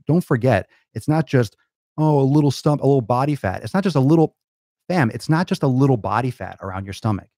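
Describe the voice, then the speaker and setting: A man's voice: on the low side, dark tone, dry recording, studio quality. A man hosting a fitness show, lecturing his viewers in a blunt, profane, fired-up rant. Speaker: fitness coach and show host. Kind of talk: ranting monologue to camera.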